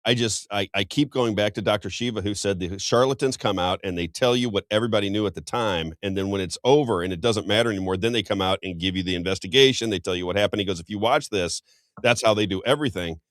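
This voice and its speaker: A man's voice: fairly low pitch, fast, fairly bright tone, no room sound, clean studio sound. An American man hosting a casual political talk show, telling rambling anecdotes. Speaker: host.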